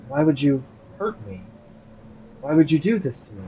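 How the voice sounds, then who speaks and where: A man's voice: on the high side, very animated, normal speed, dark tone, slight background noise, voice pushed up, low-quality recording. A man voicing a beautiful blue-skinned female water spirit who pleads and bewitches. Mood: pleading. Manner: plaintive, questioning.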